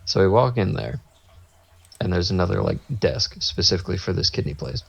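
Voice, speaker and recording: Husky and low-pitched with vocal fry, a man co-hosting a podcast speaks fairly quickly and expressively. He rambles through an anecdote in easygoing conversation, acting out what people said; the sound is dull and lo-fi.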